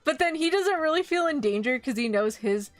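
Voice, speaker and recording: A woman streaming live, casually recapping an anime, animated and swearing freely as she acts out quick quotes. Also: high voice, no room sound, soft background music. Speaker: VTuber streamer.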